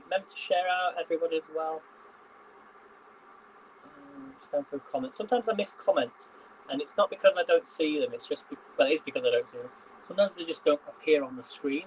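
A man's voice: on the high side, a bit bright, slight background noise. Chatty man on a lo-fi stream. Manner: chatty, talks to viewers while cooking. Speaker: live-stream host. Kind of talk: casual live cooking stream. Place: home kitchen.

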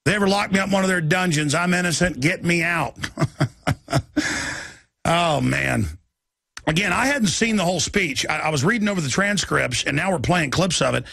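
Fiery talk radio guy ranting, husky gravelly voice, pitched high. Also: normal speed, pushed and bright, no echo, studio quality. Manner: ranting, mocking, shifts into impressions. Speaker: radio show host.

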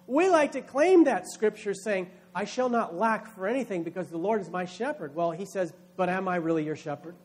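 A man's voice: high-pitched, expressive, moderate pace, hardly any pauses, a little mellow. A man, a pastor, preaching a sermon with emphatic delivery, acting out quoted voices.

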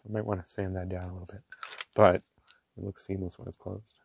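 A man gushing over ink swatches in a casual vlog, excitable and quick to laugh. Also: deep voice, vocal fry, breathy edge. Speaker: ink reviewer. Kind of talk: casual show-and-tell vlog. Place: small home room.

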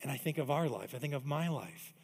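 A middle-aged man preaching a sermon in a church, emphatic and energetic, with quick conversational asides. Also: mid-range voice, creaky, breathy edge. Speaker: pastor. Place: church auditorium. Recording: long reverb of a large hall.

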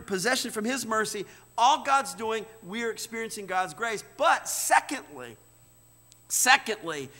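Male pastor, high bright voice, emphatic sermon delivery, long church reverb. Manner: emphatic, repeats words, asks "right?". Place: church sanctuary.

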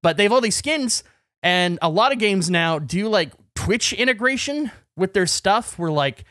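A man's voice: sits high, lively intonation, normal speed, bright, forceful tone, no echo, clean studio sound. A man co-hosting a podcast, telling a long rambling story full of "like" and restarts in casual chat. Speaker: podcast co-host.

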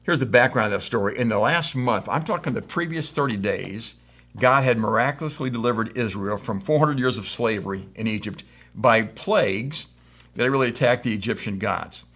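A man's voice: mid-range voice, normal speed, a bit bright, slightly rough. Man preaching a conversational sermon. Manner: conversational storytelling with acted quotes. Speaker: pastor.

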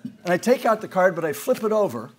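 This man talks quickly in a high-pitched, husky, sing-song voice. He's an American aged sixty or over, a roundtable speaker in an event hall, entertaining the audience with wry, self-deprecating stories while repeatedly restarting his sentences.

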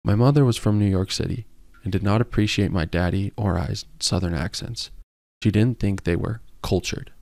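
Guy doing a bouncy teasing young model girl, voice a bit raised, gravelly underneath. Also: on the low side, normal speed, a little mellow, no echo, clean studio sound. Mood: earnest. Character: bubbly young woman supermodel, teasing.

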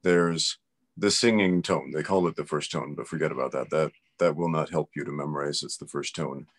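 A man with a notably low, deep voice talks through his views in a relaxed interview. He explains emphatically and firmly, sounding like someone holding strong opinions. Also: brisk. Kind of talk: casual conversation.

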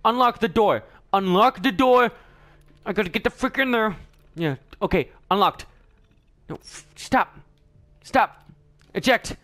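A young man giving excitable let's play commentary, often yelling and laughing at the game. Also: sits high, measured pace, pauses often. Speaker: gameplay commentator.

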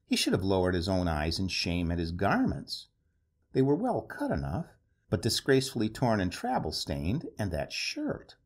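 Expressive male storyteller, husky voice. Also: low voice. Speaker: narrator. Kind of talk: storybook narration.

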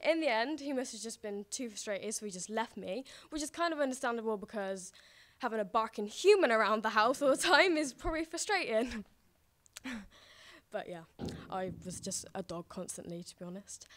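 Young woman, slightly high voice, giggly storyteller, live stage telling. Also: fairly bright tone. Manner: giggly, laughs often between phrases. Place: stage before a live audience.

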